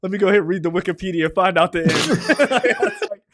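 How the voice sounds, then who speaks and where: A man chatting on a movie review podcast with a somewhat high voice. He retells the film scene by scene and slips into the characters' lines as he goes. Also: fast talker. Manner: animated storytelling, acts out quotes, swears freely. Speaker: podcast co-host. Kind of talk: casual movie review chat.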